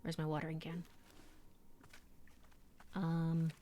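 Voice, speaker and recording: A woman's voice: deep voice, completely flat delivery, slow, warm tone. A young woman streaming a video game, chatting casually, bubbly and giggly, gushing over cute things. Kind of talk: casual let's-play commentary.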